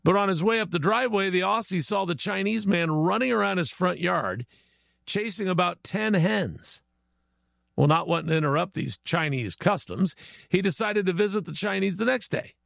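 A man's voice: high voice, lively intonation, moderate pace, gravelly, fairly bright tone, no echo, clean studio sound. A man hosting a casual morning show, folksy and chatty, plugging local spots and telling a joke of the day. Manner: folksy, chatty, laughs easily. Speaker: radio show host.

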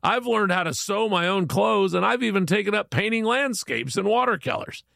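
A man voicing an eager, boastful middle-aged golfer in a told joke, pleading and excited. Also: sits high, normal speed, vocal fry, dry recording, clean studio sound, pitched above the performer's own voice, heavily acted.

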